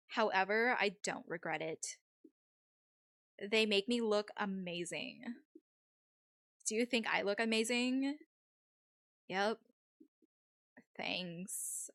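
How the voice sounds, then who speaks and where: A woman's voice: medium pitch, a bit bright, no room sound, studio quality. A woman voicing a vain, stylish young witch girl in a put-on Valley girl accent, reading a game's lines.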